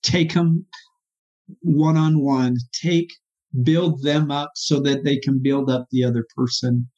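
A man, a therapist, telling his personal story as an interview guest in an earnest, halting, emotional way. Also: medium pitch, fairly even intonation, darkish tone. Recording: dull lo-fi sound.

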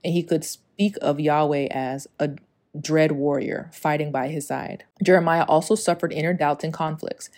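Female podcast host, low pitch, warm mellow tone; reads a passage, then talks off the cuff in an earnest, confessional way. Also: fairly even intonation, moderate pace. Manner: earnest and confessional, many "like" fillers. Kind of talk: solo spiritual podcast monologue.

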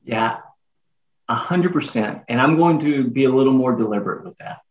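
A man's voice: medium pitch, lively intonation, moderate pace. Emphatic man on an echoey remote line. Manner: earnest, emphatic, lists ideas in runs. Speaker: guest author. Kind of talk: podcast interview. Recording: echoey, dull lo-fi remote audio.

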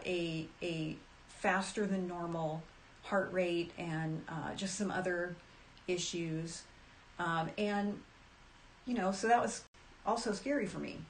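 A woman talking casually to her audience about handling anxiety, chatty and animated, acting out little quoted asides. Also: mid-range voice, a little hiss or hum. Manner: chatty, animated, frequent restarts and acted asides. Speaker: self-help speaker. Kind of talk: casual talk to camera.

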